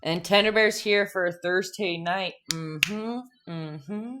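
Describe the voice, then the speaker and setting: A woman's voice: lowish voice, takes it slowly, over music. A young woman teaching a painting lesson on a live stream, chatty and playful, reading out viewers' chat and giggling often.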